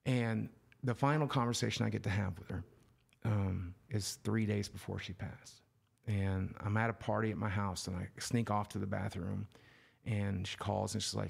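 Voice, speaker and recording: A middle-aged man sits as a podcast guest, telling a personal story with loose, profane candor. His voice sits low with a gravelly edge, and it sinks to hushed, almost whispered phrases before picking back up. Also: fairly even intonation, normal speed. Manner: emotional storyteller, swears freely, drops to near whispers. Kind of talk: candid interview storytelling.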